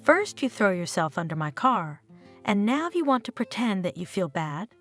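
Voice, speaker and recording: A woman's voice: medium pitch, very animated, moderate pace, a bit bright. A woman narrator voicing an irritated foreign woman tourist who snaps at a stranger, with faint guitar music behind. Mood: annoyed. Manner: irritated, snapping.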